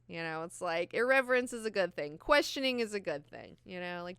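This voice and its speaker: A woman hosting a book club, recapping chapters in a profane, animated way and paraphrasing characters in slang. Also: on the low side, fairly quick, few pauses, clean tone, no echo.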